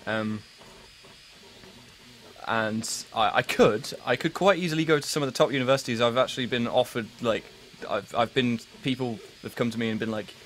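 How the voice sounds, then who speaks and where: Rambling English teen streamer. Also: male voice, mid-range voice, normal speed, a bit bright, slight background noise, rough recording. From England. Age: late teens. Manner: rambling and self-mocking, full of fillers and restarts. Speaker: livestream host. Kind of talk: casual live-stream chat, answering viewers.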